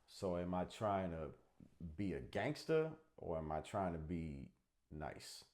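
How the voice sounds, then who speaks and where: Man, Connecticut accent, low voice, joking comedy co-host who swears freely. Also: animated, takes it slowly, darkish tone. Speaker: podcast co-host. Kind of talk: casual chat.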